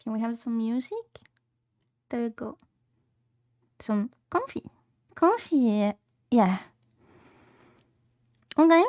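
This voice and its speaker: A woman's voice: fairly high pitch, sing-song, takes it slowly, pauses often, darkish tone, no room sound, clean studio sound. A woman livestreaming from home, chatting casually with her viewers in a bubbly, giggly way, repeating greetings playfully.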